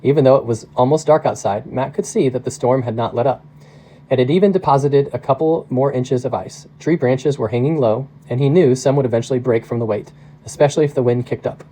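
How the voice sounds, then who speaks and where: A man, a pastor, narrating a novel in a steady, measured audiobook reading. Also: mid-range voice, poor audio.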